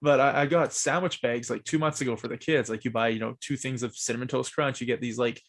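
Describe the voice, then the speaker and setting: Male podcast host, mid-pitch, animated storyteller, heavy casual profanity. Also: fast. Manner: animated storyteller, swears a lot. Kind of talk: casual chat.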